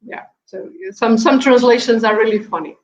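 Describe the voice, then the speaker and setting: A woman's voice: fairly high pitch, normal speed, highs cut off. A woman with a Portuguese accent, a native Portuguese speaker, explaining her language in a casual chat, giggly and explanatory. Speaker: language guest.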